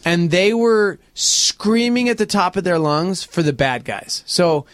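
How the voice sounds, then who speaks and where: A man in his forties in casual chat, an animated storyteller who acts out other people's voices and says "dude" a lot. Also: high voice, a little slow, no echo.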